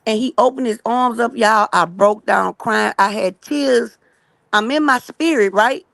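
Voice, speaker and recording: Woman, gravelly, slightly high voice, fast emphatic personal testimony, earnest and religious, keeps checking in with listeners, dry close sound. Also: fairly bright tone, no echo. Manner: fast and emphatic, keeps asking "right?" and calling "y'all". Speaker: guest telling her story.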